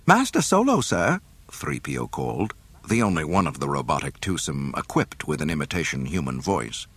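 Deep husky male storyteller. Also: brisk. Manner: expressive, voicing every character. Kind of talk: dramatic storybook narration.

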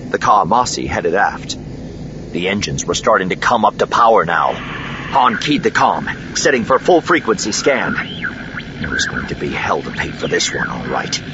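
Deep-voiced male audiobook narrator. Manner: expressive, dramatic reading. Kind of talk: scripted narration. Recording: dull lo-fi with steady noise.

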